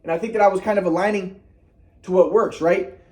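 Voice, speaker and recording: A man's voice: high voice, fairly even intonation, a little fast, a little mellow. A man telling a personal story in a casual monologue, rambling, repeating himself and cursing.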